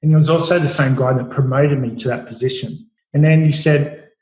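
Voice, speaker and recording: A man's voice: a little high, fairly even intonation, quick pace, few pauses. A man in his late forties with an Australian accent, telling stories about his cooking career with many fillers and restarts. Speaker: chef guest. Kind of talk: storytelling interview. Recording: roomy echo.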